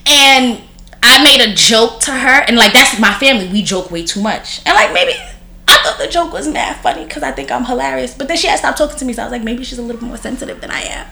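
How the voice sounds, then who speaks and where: A woman in her thirties tells her stories bluntly and crudely, with "like" in nearly every phrase. Her voice is a touch high and very bright. It rings in a roomy, echoey space. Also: animated, brisk. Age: 30s. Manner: blunt, profane, heavy use of filler "like". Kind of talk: casual storytelling chat. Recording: roomy echo.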